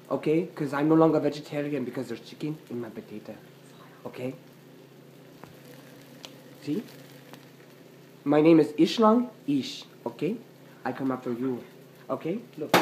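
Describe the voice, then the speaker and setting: A woman's voice: low voice, darkish tone, a little hiss or hum. A woman ranting angrily to the camera as an upset customer, repeating herself and demanding "okay?" over and over. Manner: angry, repetitive, keeps demanding "okay?". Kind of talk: angry rant to camera.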